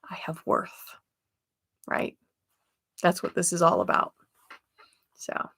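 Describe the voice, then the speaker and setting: Her medium-pitched voice sounds pushed and bright as she hosts a spiritual livestream. She reads oracle cards while chatting easily with her viewers and laughs a lot, captured in clean studio sound with no room noise.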